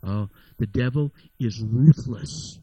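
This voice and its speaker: A man preaching a sermon, telling stories and building to loud, emphatic exhortation. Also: medium pitch, slow pace, breathy edge, no echo, low-quality recording.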